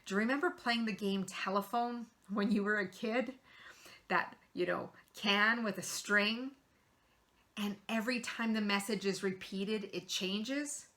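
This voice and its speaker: A woman's voice: mid-range voice, measured pace, bright, forceful tone. A middle-aged woman hosting a show, giving earnest coaching tips in a motivational talk with rhetorical questions. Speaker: host.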